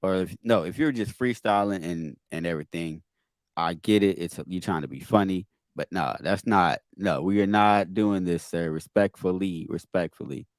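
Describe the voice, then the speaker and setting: A man hosts a podcast and reacts to a clip in casual commentary. His voice sits very low, and the sound is dry and close. He talks in an emphatic, exasperated way and keeps repeating himself. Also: normal speed, no echo. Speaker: podcast host.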